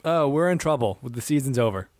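A man co-hosting a casual sports podcast, teasing the others and firing off quick hockey hot takes. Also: mid-range voice, lively intonation, darkish tone, dry recording. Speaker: podcast co-host.

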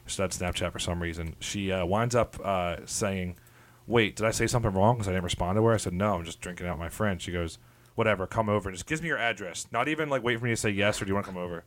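Fast-talking young man telling crude stories. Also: low-pitched, fairly bright tone. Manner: rambling, boastful, laughs at own jokes. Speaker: podcast co-host. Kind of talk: casual crude storytelling.

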